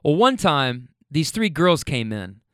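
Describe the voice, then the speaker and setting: Animated, profane man telling server stories. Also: on the high side, measured pace, clean tone, no room sound, studio quality. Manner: animated, blunt and profane, laughing at own stories. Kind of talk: casual storytelling. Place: inside a car on a ride home.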